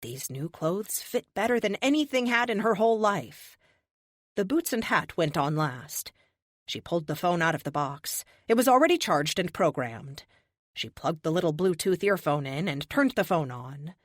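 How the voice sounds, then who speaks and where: A woman narrating an audiobook with steady, expressive storytelling. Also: fairly low pitch, moderate pace, no room sound, clean studio sound. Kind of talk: scripted narration.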